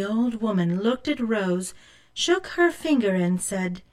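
Woman storyteller for a kids' folk tale, unhurried, with a lively, sing-song delivery. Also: mid-range voice. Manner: expressive, asks the listener questions. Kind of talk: storybook read-aloud.

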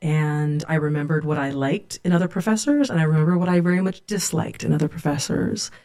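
Professor guest, woman; warm reflective storyteller. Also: low voice, a little fast. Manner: earnest, reflective storytelling with quoted dialogue. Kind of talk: storytelling interview.

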